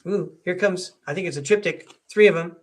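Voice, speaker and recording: A man's voice: sits high, fairly quick. Chatty man giving a live tarot reading. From United States. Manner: chatty, rambling, folksy, laughs often. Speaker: podcast host and tarot reader.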